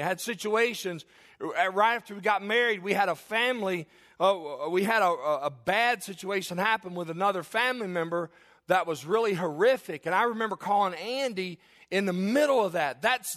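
A pastor in his forties preaches in a high, tenor-ish voice. He is emphatic and folksy, pausing for effect and talking straight to his congregation with homespun asides. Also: pushed and bright. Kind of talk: sermon.

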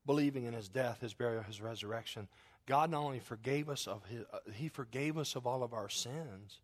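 A man preaching a sermon and telling a family story in a folksy way, moving between loud emphasis and quiet, hushed lines. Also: mid-range voice, fairly quick. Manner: acts out quotes in his story. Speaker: pastor.

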